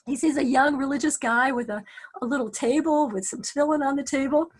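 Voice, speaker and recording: A woman casually telling a story, animated, with many restarts, acting out the voices of the people in it. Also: high voice, brisk.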